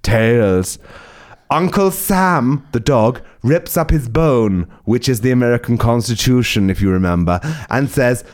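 A man reading absurd comic stories aloud, excitable and swearing, laughing at his own jokes. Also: mid-range voice, unhurried. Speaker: comedian storyteller. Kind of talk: comic story reading on a podcast.

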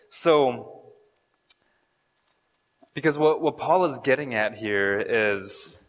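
A man's voice: mid-range voice, expressive, slow pace, long pauses. A man giving a casual, conversational sermon, joking and stumbling over fillers and restarts as he explains scripture. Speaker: pastor. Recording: long hall reverb.

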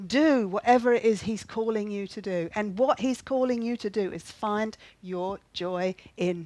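A woman's voice: mid-range voice, a little slow, few pauses, darkish tone, no room sound, low-quality recording. A woman preaching a sermon in an earnest way, repeating key phrases and often asking the listeners whether they see what she means.

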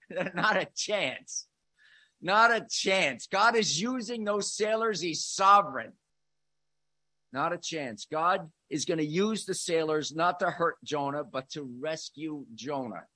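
A man preaching a sermon, moving between quiet reflective passages and loud, emphatic declarations. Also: fairly high pitch, expressive, slow pace, no echo. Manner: dynamic, swings between soft musing and loud emphatic lines.

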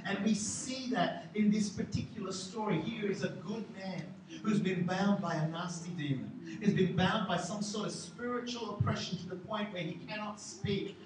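Animated pastor preaching in an echoey hall. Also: male voice, high voice, normal speed, few pauses. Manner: animated storytelling, self-mocking humor. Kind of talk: sermon. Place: large church hall. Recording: echoey hall, distant mic, noisy.

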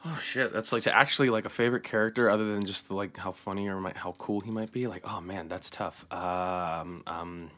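A man co-hosting a casual film podcast, excitable and swearing often. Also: low voice, fairly quick, few pauses. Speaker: podcast co-host.

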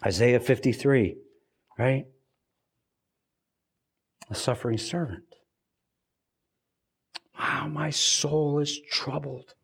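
A man's voice: medium pitch, takes it slowly, gravelly, long pauses, husky. A man preaching a sermon, earnest and repeating words as he stresses his points.

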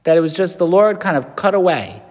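A priest delivers a meditation in a somewhat raised voice, earnest and emphatic, with relaxed conversational asides. His words ring out with a long reverb that suggests a large hall. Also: sits high, fairly quick. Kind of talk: spoken meditation with scripture.

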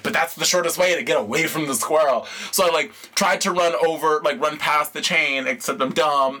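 A man's voice: a little high, sharp tone. A man co-hosting a casual podcast, telling a rambling, self-mocking story full of filler words and laughter. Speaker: podcast co-host. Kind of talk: casual chat, rambling anecdote.

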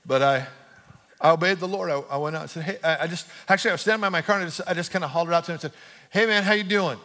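Speaking fast in a fairly high, slightly bright voice, this middle-aged man delivers a sermon as pastor in a church auditorium. His casual personal anecdote gives way to insistent, repeated appeals that grow more emphatic.

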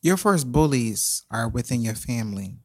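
Animated, expressive man co-hosting a podcast. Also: mid-range voice, moderate pace. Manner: animated, emotional, dramatic. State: tearful. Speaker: podcast co-host. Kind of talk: casual podcast chat.

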